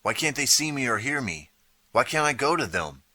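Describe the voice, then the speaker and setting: A man's voice: mid-range voice, very animated, normal speed, bright, forceful tone, dry recording, voice pushed up, exaggerated voice. A man voicing a desperate, eager boy who keeps pleading to be believed. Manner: pleading, earnest.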